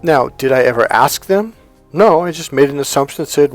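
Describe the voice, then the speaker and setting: A man's voice: mid-range voice, lively intonation, brisk, faint music behind. A man, a life coach, teaching casually, often acting out what clients say. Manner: conversational, acts out quotes of clients.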